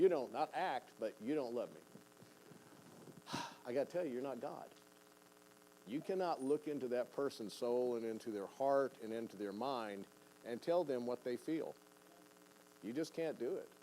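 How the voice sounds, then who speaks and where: An older male pastor teaches in a relaxed, folksy way, stumbling over repeated words and slipping into little acted-out quotes. His voice is mellow and warm at an ordinary pitch. A faint hum sits under the church recording. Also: brisk, low-quality recording. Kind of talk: conversational sermon.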